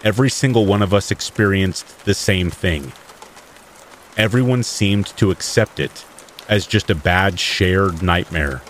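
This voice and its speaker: A man calmly reading first-person horror stories aloud as a podcast storyteller. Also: low voice, unhurried, a little hiss or hum. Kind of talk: scripted horror story narration. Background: steady rain.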